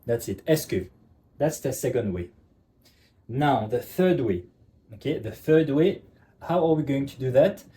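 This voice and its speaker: A man's voice: mid-range voice, expressive, a little slow, pauses often, dark tone. A man teaching a French lesson in English, explaining step by step and checking in with "okay?" all the time. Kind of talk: online language lesson.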